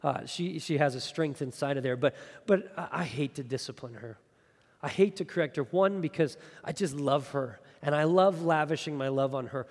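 A man in his thirties delivers a sermon, earnest and searching, and often restarts a phrase by repeating its first word. His voice sits a little high for a man. The sound carries a long reverb, like a large hall. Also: normal speed. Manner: earnest, repeats words when starting phrases. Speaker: pastor.

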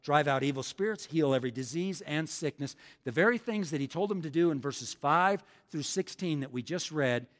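A man's voice: fairly high pitch, animated, moderate pace, hardly any pauses, fairly bright tone. Emphatic male preacher in a reverberant hall. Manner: emphatic, repeats lines for the congregation. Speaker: pastor. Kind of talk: sermon.

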